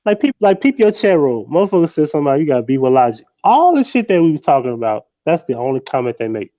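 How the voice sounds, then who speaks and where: A man's voice: fairly high pitch, big pitch swings, fast talker, dark tone, dry recording, muffled recording. A man co-hosting a livestream, arguing his points bluntly and with profanity. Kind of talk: casual chat.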